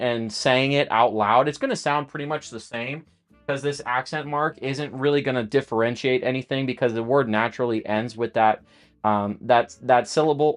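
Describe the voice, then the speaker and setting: A man's voice: mid-range voice, no room sound. A man teaching Spanish on a livestream, chatty and loose, with many restarts and fillers. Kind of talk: casual livestream lesson.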